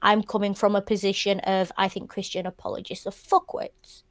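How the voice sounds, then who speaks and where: A woman co-hosting a casual podcast chat. She lays out her points plainly and does not soften her language. Her voice sits at a middle pitch, recorded dry and close. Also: flat delivery, moderate pace, no room sound. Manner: blunt, sweary and explanatory. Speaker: podcast co-host. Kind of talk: casual panel discussion.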